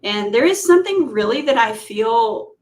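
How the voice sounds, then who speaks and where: Animated, high-voiced woman coaching casually. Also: moderate pace, rough recording. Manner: animated storyteller, acts out quotes. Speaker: business coach and host. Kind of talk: casual conversational interview.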